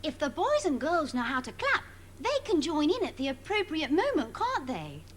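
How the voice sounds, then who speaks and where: A sugary, sarcastic kids' TV hostess. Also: female voice, high-pitched, wildly swooping pitch, moderate pace, a little hiss or hum. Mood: sing-song. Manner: sing-song condescending, barbed asides. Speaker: children's TV presenter in a sketch.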